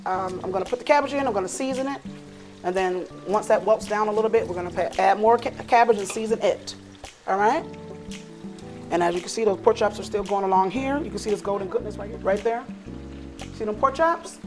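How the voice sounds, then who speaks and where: A woman's voice: mid-range voice, brisk. A middle-aged woman hosting a casual cooking vlog in her home kitchen, chatty and teasing, talking to viewers as y'all. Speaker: cooking show host. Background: music and family chatter.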